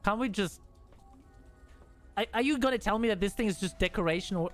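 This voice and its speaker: Male streamer, high voice, loose casual commentary with bursts of excitement and cursing. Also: a little fast, pauses often, faint music behind. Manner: excitable, swearing, laughing chatter.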